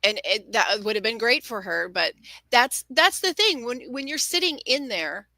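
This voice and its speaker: A woman chatting casually as a podcast co-host, breaking down the game with quick, thoughtful analysis. Her voice sits a bit high and sounds bright. The recording is dry and close. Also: expressive, no room sound, low-quality recording. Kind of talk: casual chat.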